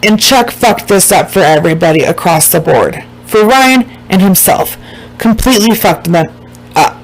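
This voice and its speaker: A woman casually recapping a documentary to her viewers, emphatic and blunt, swearing freely and slowing down to stress the points that upset her. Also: lowish voice, lively intonation, rough recording.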